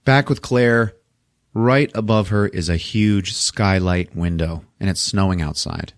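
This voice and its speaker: A man with a very low voice recaps a horror movie for his podcast in a casual, animated way. He laughs often and swears freely. The recording is dry and close, with no room sound. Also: measured pace, no room sound. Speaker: podcast host.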